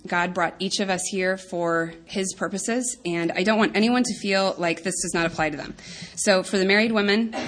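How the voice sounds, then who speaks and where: A woman in her thirties giving an earnest, chatty talk to a women's group, with many ums and asides. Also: lowish voice. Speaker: women's ministry speaker.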